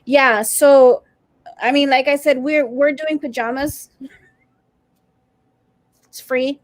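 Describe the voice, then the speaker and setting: Sarcastic high-voiced woman with a South Texas accent. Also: steady tone, takes it slowly, no echo. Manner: sarcastic, laughs often. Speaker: union co-host reading viewer comments. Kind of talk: casual live-stream chat.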